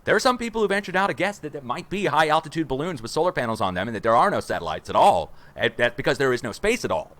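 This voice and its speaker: A man in his forties hosting a rambling livestream from a room at home, excitable and conspiratorial, talking to viewers as guys. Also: medium pitch, rapid-fire, hardly any pauses. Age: 40s. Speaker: livestream host.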